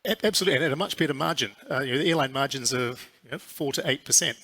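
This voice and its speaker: A man with a New Zealand accent answers interview questions in a measured, businesslike way, often pausing on fillers. His voice is bright and clear, pitched in a middle range. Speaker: airline CEO. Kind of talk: conference interview.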